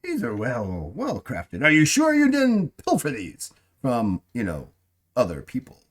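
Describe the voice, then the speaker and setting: A man's voice: medium pitch, wildly swooping pitch, unhurried. A man voicing a short, sly, suspicious male shopkeeper who pries at customers and boasts about his prices. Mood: wheedling. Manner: wheedling, prying and boastful. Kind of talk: voicing a character in a tabletop game.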